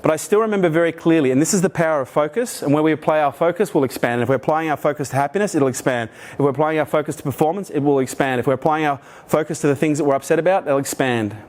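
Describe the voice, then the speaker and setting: A man's voice: fairly high pitch, rapid-fire, few pauses. A middle-aged Australian man giving a keynote talk to an audience, telling a story with energy and frequent swearing. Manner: energetic, swears freely, animated retelling. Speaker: keynote speaker. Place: in front of a live audience.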